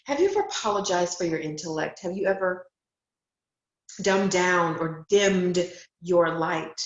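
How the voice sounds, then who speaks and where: A woman's voice: lowish voice, moderate pace. A middle-aged woman giving a direct, emphatic motivational talk, encouraging women to stop apologizing. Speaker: speaker and coach. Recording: roomy, slightly dull home recording.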